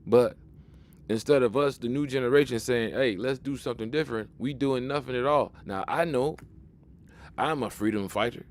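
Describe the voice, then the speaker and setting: Emphatic preachy man, mid-pitched voice. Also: moderate pace. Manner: emphatic, preachy, repeats and restarts words. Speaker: video commentator. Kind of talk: casual monologue.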